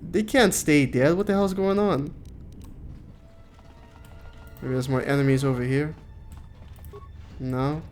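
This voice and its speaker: A man's voice: a little high, slow pace, long pauses, darkish tone, faint music behind. A man streaming a game, chatting casually with viewers, joking and swearing freely.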